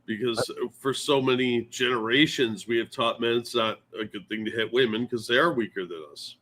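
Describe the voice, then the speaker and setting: Bright-voiced man chiming in. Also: medium pitch, steady tone, normal speed. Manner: agreeing, dismissive. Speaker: podcast co-host. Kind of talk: casual chat.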